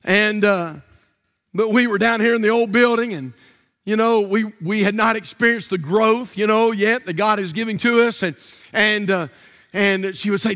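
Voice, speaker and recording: A middle-aged Southern preacher with a strikingly high, bright, ringing voice. He delivers an impassioned sermon in a sing-song cadence, climbing to shouts, and his words trail off into the long reverb of a church sanctuary. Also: normal speed. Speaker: pastor.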